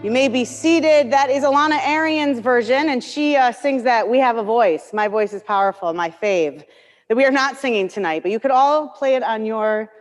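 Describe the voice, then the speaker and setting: A woman's voice: fairly high pitch, normal speed, soft background music. Woman leading a service in a reverberant hall. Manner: friendly, chatty asides between prayers.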